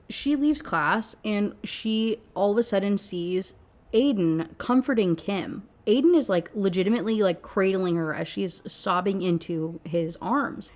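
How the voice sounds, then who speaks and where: A woman giving an animated, sarcastic rant review of a novel, swearing freely as she goes. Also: mid-range voice. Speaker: book reviewer. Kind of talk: ranting book review.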